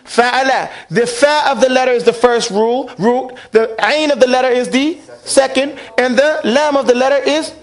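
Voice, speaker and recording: High-voiced man teaching a class. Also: normal speed, few pauses. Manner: asks the class questions and drills them to repeat. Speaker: Quran recitation teacher. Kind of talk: classroom lesson.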